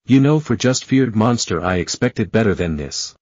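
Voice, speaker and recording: A man's voice: fairly low pitch, expressive, moderate pace, darkish tone, husky, no echo. A man voicing a cocky teenage boy ninja hero with cheeky, smirking delivery, in a dull, dry recording.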